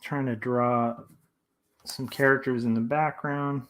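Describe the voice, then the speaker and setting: A man in his thirties talks casually on a livestream while he works on his drawings at home. He rambles in a relaxed, friendly way, with lots of fillers and restarts. His voice sits in an ordinary middle pitch. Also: slow. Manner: relaxed and friendly, reads chat aloud. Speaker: comic artist streamer. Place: home studio indoors.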